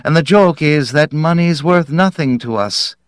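A man's voice: on the high side, unhurried, clear, resonant tone, no echo, studio quality, pitched above the performer's own voice, lightly acted. A man reading aloud, voicing a bitter, scheming man who mutters sarcastically. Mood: sardonic.

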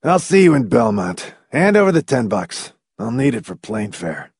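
A man's voice: mid-range voice, very animated, normal speed, vocal fry, darkish tone, husky, dry recording, clean studio sound, heavily acted. A man reading the part of a sick, gloomy man who mutters in a defeated tone. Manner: muttering, sullen.

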